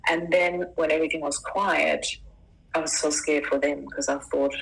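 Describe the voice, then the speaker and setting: A middle-aged woman with a very low, gravelly voice full of fry. She recounts a personal story as an interview guest, earnest and emotional. She often breaks off and restarts her sentences. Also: fairly even intonation, moderate pace, fairly bright tone, rough recording. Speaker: life coach, guest.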